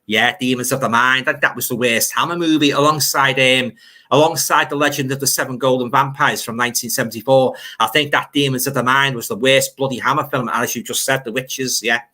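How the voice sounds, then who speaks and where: Brisk and sharp-toned, an older man with a Liverpool accent hosts a casual livestream where he reads viewer comments aloud, grumbles, and rambles about films. His voice sits at medium pitch with fairly even intonation.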